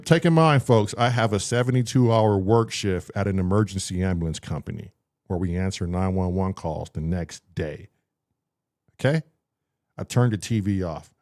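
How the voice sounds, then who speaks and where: A man casually telling a story on a talk show, acting out what people said and swearing freely. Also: lowish voice. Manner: animated, acts out voices in his story. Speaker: podcast co-host telling a story.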